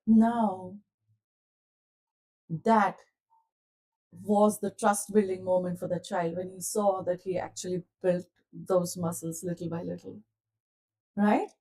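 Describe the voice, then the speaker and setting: Slow, gentle woman coaching calmly. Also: mid-range voice, far from the mic, poor audio. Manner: gentle, calm, soothing delivery; asks listeners questions directly. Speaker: self-development coach. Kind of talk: live online coaching session with guided visualization.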